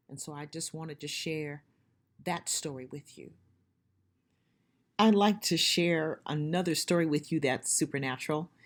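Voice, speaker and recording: A middle-aged woman sharing a personal faith testimony, earnest and emphatic as she speaks straight to her listeners. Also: deep voice.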